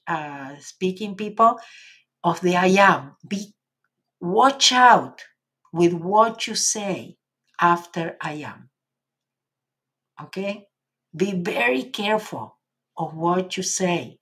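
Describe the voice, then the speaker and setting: A woman with an Argentinian Spanish accent, a native Spanish speaker, hosting a casual live stream and reading viewer comments in a gentle, encouraging way with many fillers. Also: fairly low pitch, slightly rough.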